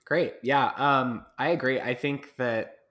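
A man's voice: mid-range voice, steady tone, unhurried, a bit bright. A man hosting a podcast, chatting casually and quizzing his guest with playful mock-formal rating categories. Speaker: podcast host.

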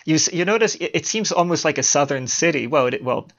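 A man's voice: a little high, quick pace, creaky, lo-fi sound. A man in his sixties, raised in Baltimore, hosting a podcast in casual conversation, rambling and laughing as he tells stories. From Baltimore, USA. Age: 60s. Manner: rambling, animated storyteller who laughs often. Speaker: podcast host.

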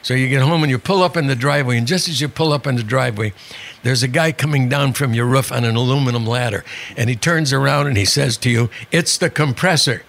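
Gravelly older man spinning wry stories. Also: mid-range voice, fast, fairly bright tone. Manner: anecdotal, wry, acts out quoted people. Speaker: guest, comedian. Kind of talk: storytelling interview chat.

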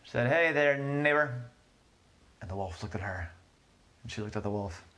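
A man narrating an improvised children's story in a soft, low-key way, with small restarts. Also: fairly even intonation, quick pace.

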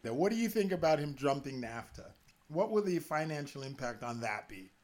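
A man's voice: a little high, big pitch swings, brisk, a little mellow. A man from Canada co-hosting a casual podcast, leading the talk and asking the others questions. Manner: leads the discussion, asks questions. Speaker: co-host.

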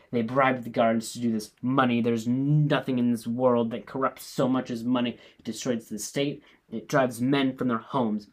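A man's voice: medium pitch, close to an everyday voice. A man reading the part of an angry, blustering king in a play, speaking in a commanding, raised voice.

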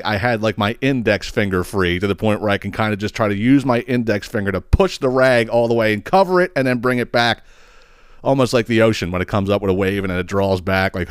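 A man's voice: fairly low pitch, a little fast, clear, resonant tone, no echo, studio quality. A man hosting a podcast, telling a story casually, rambling, swearing often and laughing at himself. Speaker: podcast host.

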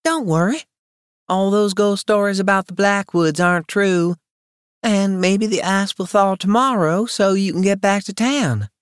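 A man's voice: sits high, a little slow, clean tone, no echo, studio quality, voice pushed up. A man voicing a friendly, teasing young woman who gossips bluntly and freely. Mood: chatty.

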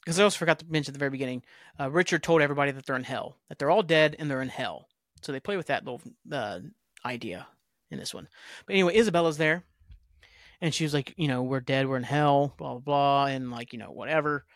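A man's voice: a little high, expressive, fast, a bit bright, no echo, clean studio sound. Rambling man recapping a show. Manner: rambling, offhand asides and shrugs. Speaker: podcast host. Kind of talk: casual episode recap.

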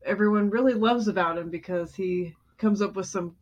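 A woman's voice: medium pitch, normal speed. A woman co-hosting a podcast, dryly teasing her co-host in casual banter. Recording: dull lo-fi home recording.

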